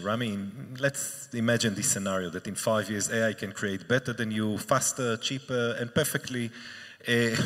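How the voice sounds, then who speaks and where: A fairly low-voiced man moderates a panel, setting up his question in a measured way. The long reverb of a large hall hangs on his voice. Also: a bit bright.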